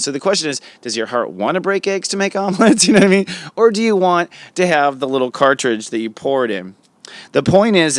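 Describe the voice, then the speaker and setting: Smooth-voiced man giving a rambling spiritual forecast. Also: mid-range voice, a bit bright, no room sound. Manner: rambling with frequent restarts and fillers; affectionate and earnest. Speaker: astrology show host.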